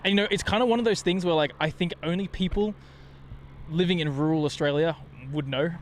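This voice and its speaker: A man's voice: a little high, slight background noise. A man co-hosting a casual outdoor chat, teasing his friend and pressing him again and again. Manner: teasing, insistent, quick-fire. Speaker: guest co-host. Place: outdoors at an airport.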